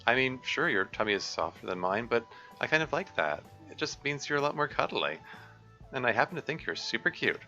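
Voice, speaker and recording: A man voicing a caring, earnest teenage girl, club president, speaking in a gentle, pleading, concerned way. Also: mid-range voice, big pitch swings, brisk, dull audio, soft background music, voice pushed up. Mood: reassuring.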